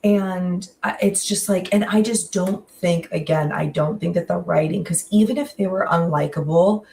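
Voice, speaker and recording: A woman's voice: lowish voice, moderate pace, vocal fry, distant mic, a little hiss or hum. A woman in casual podcast chat, reviewing a series animatedly with lots of "like" and emphatic asides. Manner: animated, frequent "like" and laughs, exaggerated emphasis.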